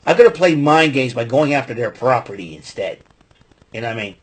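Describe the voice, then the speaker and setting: A man with a husky, breathy voice talks through a wrestling broadcast in casual podcast style. He rambles, piles up fillers and gives his opinions freely. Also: mid-range voice, lively intonation, fairly quick. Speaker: podcast host. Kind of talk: casual wrestling show recap.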